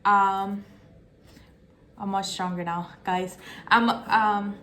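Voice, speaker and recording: A young woman telling a personal story in a vlog, halting and emotional, fighting back tears, with many fillers and restarts. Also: medium pitch, steady tone, fairly bright tone. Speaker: vlogger.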